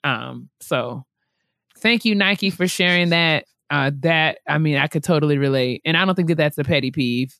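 A young woman with a low-pitched voice co-hosts a podcast in relaxed, chatty conversation. She circles back over her points with plenty of fillers. The sound is dry and close. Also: moderate pace, no room sound. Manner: chatty, repeats herself, frequent fillers and laughs. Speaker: podcast co-host. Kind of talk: casual podcast chat.

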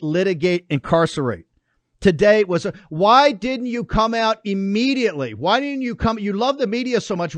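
A man's voice: high-pitched, no echo. A man hosting a political show, ranting and mocking in combative commentary. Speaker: show host.

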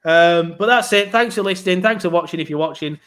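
A young man hosting a podcast. His voice sits slightly high. He chats casually, rambling, swearing and restarting his sentences. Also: fast, a bit bright. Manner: rambling, swearing, self-interrupting. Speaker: podcast host. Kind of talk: casual chat.

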